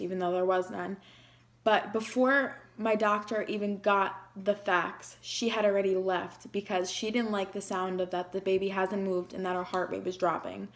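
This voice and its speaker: A woman's voice: mid-range voice, steady tone, moderate pace. Chatty young woman telling a personal story. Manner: chatty, emotional retelling full of "like". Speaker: beauty vlogger.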